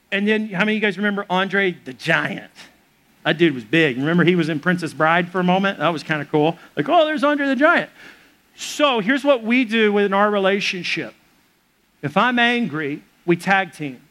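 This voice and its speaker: A man's voice: high voice, fairly bright tone. A man preaching a sermon as pastor of a church, conversational and joking with the congregation.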